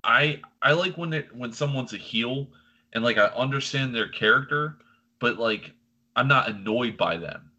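Animated bright-voiced man ranting. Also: medium pitch, moderate pace, husky, dull audio. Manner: animated, opinionated ranting with filler words. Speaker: podcast co-host. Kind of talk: casual chat.

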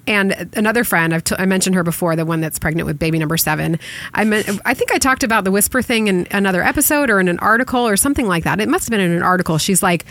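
A middle-aged woman hosting a casual parenting chat, chatty and practical with quick asides. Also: mid-range voice, lively intonation, fairly bright tone. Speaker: podcast host.

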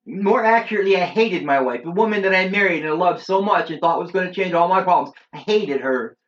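High-voiced middle-aged man, earnest testimony. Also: a little fast. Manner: earnest, preachy storytelling with frequent "uh" fillers. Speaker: church member giving his testimony. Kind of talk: personal religious testimony. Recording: dull lo-fi recording.

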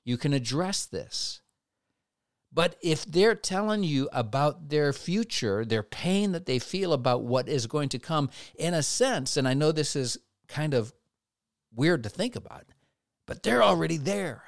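A man's voice: on the high side, expressive, creaky, no echo, studio quality. Earnest man giving devotional teaching. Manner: earnest, reassuring, measured. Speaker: Christian speaker.

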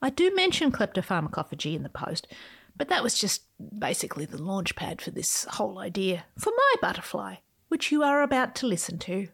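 A woman hosting her own podcast, reading a playful, whimsical script with sudden swoops in pitch. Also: big pitch swings, a little fast, creaky, a bit bright. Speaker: podcast host.

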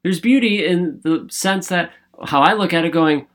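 A man's voice: on the high side, expressive, unhurried, hardly any pauses, fairly bright tone. A man hosting a motivational podcast, enthusiastic and chatty, with rambling asides and jokes at his own expense. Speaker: podcast host. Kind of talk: upbeat motivational podcast talk.

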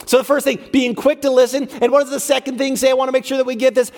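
A pastor preaching a sermon, lively and talking straight to his congregation during a church service. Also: extremely high pitch, fast, gravelly, hardly any pauses. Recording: long reverb of a large hall.

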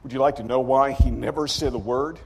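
A man preaching a sermon as a dramatic story, acting out the characters with sudden loud outbursts. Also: medium pitch, fairly even intonation, brisk, in a large hall, faint music behind.

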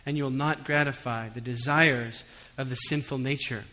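A man preaching a sermon in a church hall, conversational with humorous asides, swinging between soft reflection and emphatic calls to the congregation. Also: medium pitch, level tone, moderate pace, hardly any pauses, a little hiss or hum. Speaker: pastor. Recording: long hall reverb.

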